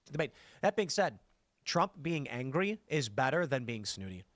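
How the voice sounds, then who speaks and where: A man's voice: mid-range voice, moderate pace, no room sound, studio quality. A man hosting a casual political chat, reading viewer comments and acting out everyday people's voices. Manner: animated, acts out voices of others in anecdotes.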